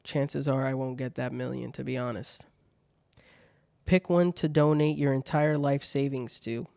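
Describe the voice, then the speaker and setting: Slow, gravelly-voiced man chatting. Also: mid-range voice, steady tone, darkish tone, dry recording, studio quality. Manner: laid-back, swears freely, laughs at bad jokes. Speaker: podcast host reading viewer questions. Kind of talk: casual solo chat.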